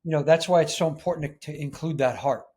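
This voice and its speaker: A podcast guest speaks earnestly and emphatically in a casual interview chat. He is a man with a fast, warm voice on the high side.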